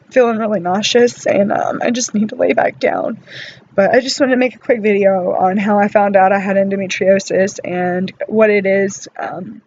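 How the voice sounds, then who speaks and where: A woman's voice: medium pitch, fairly even intonation, darkish tone, lo-fi sound, slight background noise. Weary, emotional woman vlogger in pain. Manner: halting and apologetic, many pauses and fillers. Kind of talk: unscripted personal vlog.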